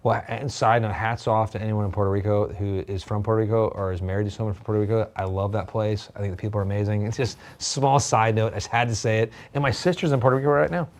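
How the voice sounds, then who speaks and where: A man co-hosting a casual livestream chat, talking in a rambling, excitable way and often repeating words as he goes. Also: on the low side, quick pace, hardly any pauses. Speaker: livestream co-host.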